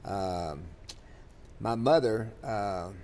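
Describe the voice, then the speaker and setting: Older man, low voice, rambling interview anecdotes, faint rumble behind. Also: slow pace, a little mellow. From Louisiana, USA. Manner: rambling, many fillers and restarts. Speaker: interviewee, country singer. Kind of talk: storytelling in an interview.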